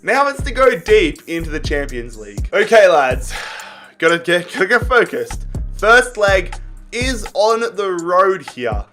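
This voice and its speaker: A young man giving casual gameplay commentary, excitable, swearing freely and calling his viewers lads. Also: sits high, a little slow, soft background music. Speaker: gaming YouTuber.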